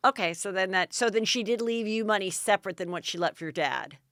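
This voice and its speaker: Podcast host, female, bright and smooth voice, gossipy interviewer, dry sound. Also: mid-range voice, normal speed, no room sound. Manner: gossipy, probing questions. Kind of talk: casual interview chat.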